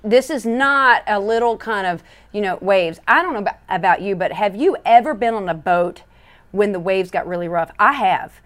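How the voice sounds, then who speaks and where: A woman co-hosting a casual faith podcast into a studio mic, acting out scenes with many restarts. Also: medium pitch. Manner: animated, acts out scenes, quick restarts. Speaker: podcast co-host. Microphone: studio microphone.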